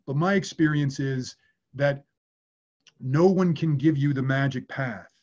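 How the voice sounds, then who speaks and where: A man's voice: medium pitch, measured pace, darkish tone, highs cut off. A man working as an acting coach, answering viewer questions in a candid way and swearing casually.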